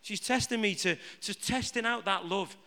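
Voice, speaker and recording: A man preaches to his congregation in a high, ringing voice. He jokes and fires rhetorical questions at the room. His voice carries a long reverb from the large hall. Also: moderate pace, pushed and bright. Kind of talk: live sermon to a congregation.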